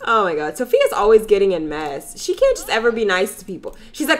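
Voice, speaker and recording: A woman's voice: mid-range voice, moderate pace, pauses often. A woman giving sassy, joking commentary while playing a life-sim video game. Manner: sassy, animated, slangy and joking. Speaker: let's play gamer.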